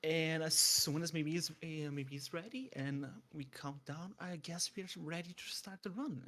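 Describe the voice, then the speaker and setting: A young man commentating a live speedrun, eager and stumbling over restarts with quick chuckles. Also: a little high, sharp tone.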